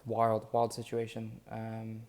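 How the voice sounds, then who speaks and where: A man's voice: fairly low pitch, completely flat delivery, slow, vocal fry, darkish tone. A young man talking through his day in a casual vlog, rambling and candid with lots of fillers. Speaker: vlogger documenting his days.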